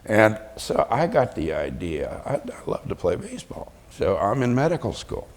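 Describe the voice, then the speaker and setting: An older man, a veteran, tells anecdotes with chuckles in an oral history interview, acting out the voices of those he quotes. His fairly low voice swings widely in pitch at a moderate pace, and the sound has a big-room quality.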